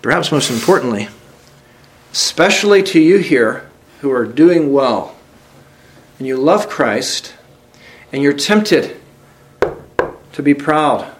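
There's slight background noise as a man with a higher-than-average voice preaches slowly, pausing often. He reads scripture and asks the congregation direct questions, expressive and earnest, climbing to emphatic peaks before going quiet.

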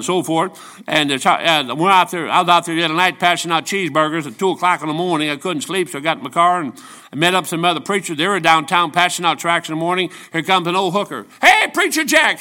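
A man's voice, pitched a little high and ringing with a bright edge, carries a church sermon. He preaches as a traveling evangelist, telling down-to-earth stories and often doubling back to restart a sentence. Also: fast talker. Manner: folksy, storytelling preaching with frequent restarts.

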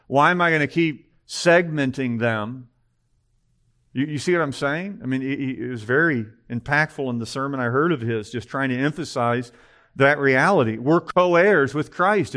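A man's voice: mid-range voice, a bit bright. A man preaching a conversational sermon, emphatic and full of rhetorical questions.

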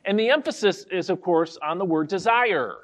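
A man pastor giving an expository sermon, carefully explaining a Bible verse and reading the scripture slowly. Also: high-pitched, expressive.

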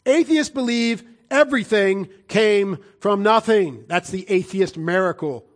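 A middle-aged man preaching a sermon, emphatic, swinging between loud declarations and hushed, low lines. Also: unhurried.

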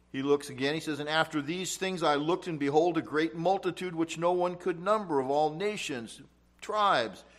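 Emphatic preacher man teaching scripture. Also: on the high side. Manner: emphatic, rising loud on quoted scripture. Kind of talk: expository Bible teaching.

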